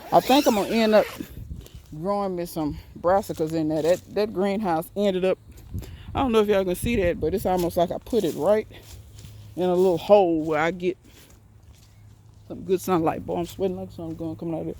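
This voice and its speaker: A woman walks viewers through her backyard garden and greenhouse on a handheld phone, chatting to them in a folksy, rambling manner. She speaks fairly quickly in a fairly low, steady, warm voice, and the recording has a faint hiss or hum.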